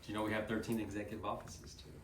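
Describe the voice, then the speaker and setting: A man in his fifties from Texas with a Texan accent, telling animated folksy stories and saying y'all to his audience. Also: fairly low pitch, very fast. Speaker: guest speaker. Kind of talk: casual storytelling talk. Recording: roomy, distant mic with faint noise.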